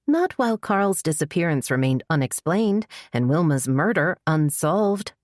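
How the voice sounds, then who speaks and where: A woman with a low voice narrates an audiobook in a steady, measured way. The recording is dry and close, with no room sound. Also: no echo. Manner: measured storytelling. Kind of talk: scripted narration.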